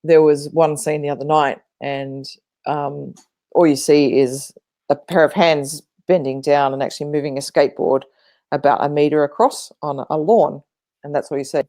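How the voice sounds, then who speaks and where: A woman's voice: low voice, fairly even intonation, normal speed, warm tone, no echo. A woman co-hosting a podcast, telling stories in a rambling, casual way with many fillers. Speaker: podcast co-host. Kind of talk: casual spiritual chat.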